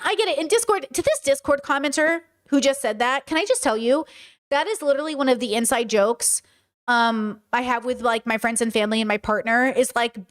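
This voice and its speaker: A woman with a Valley girl accent hosting a livestream monologue, reading chat aloud and often tagging her sentences with "okay?" and "you know?". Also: sits high. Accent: California Valley girl. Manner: talkative, frequent "okay?" and "you know?" tags; mimics other people's voices and mannerisms. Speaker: streamer and podcast host.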